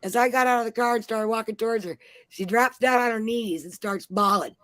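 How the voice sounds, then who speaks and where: A woman's voice: a little high, a little fast, fairly bright tone, dry recording. Brash, profane woman in her forties. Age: 40s. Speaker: panel host. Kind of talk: casual chat, storytelling.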